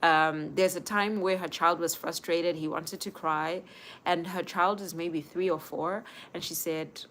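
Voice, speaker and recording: A woman's voice: on the low side, fairly even intonation, unhurried, a bit bright. A young woman hosting a casual live stream, speaking earnestly and giving advice straight to her viewers. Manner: earnest, advising viewers directly.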